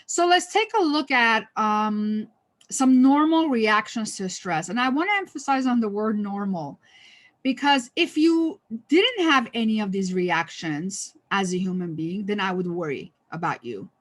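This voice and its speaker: A woman's voice: medium pitch, lively intonation, normal speed. Chatty woman leading a stress workshop. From United States. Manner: conversational, many fillers and restarts; lightly humorous. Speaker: workshop trainer. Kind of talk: online training presentation.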